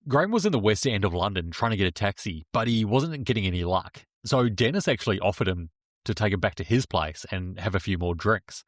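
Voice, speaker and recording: Man, podcast co-host, casual true-crime chat, plain storytelling, lowish voice, dry close sound. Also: expressive, brisk, no room sound. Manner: storytelling, recounting the case plainly.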